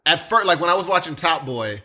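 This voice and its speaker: A man from California chatting on a podcast, slangy and animated, acting out his own reactions. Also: fairly high pitch, fairly quick. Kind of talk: casual chat.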